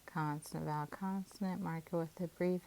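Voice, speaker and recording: Lady teacher sounding out syllables, low voice, bit of hiss. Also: fairly quick, poor audio. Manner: calm, methodical, sounds out syllables. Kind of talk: phonics lesson, syllable division.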